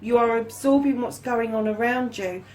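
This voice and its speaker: A woman's voice: fairly high pitch, normal speed, a little mellow, a little hiss or hum, low-quality recording. Chatty woman reading tarot. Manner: chatty, addresses viewers as darlings and lovelies; swears casually. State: hot and yawning. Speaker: tarot reader. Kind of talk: casual tarot reading to camera.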